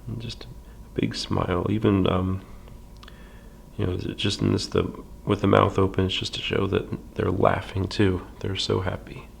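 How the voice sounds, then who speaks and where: A man teaching a library drawing lesson step by step, calm and patient, with many fillers and soft half-whispers while he draws. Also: deep voice, normal speed, vocal fry, slight background noise.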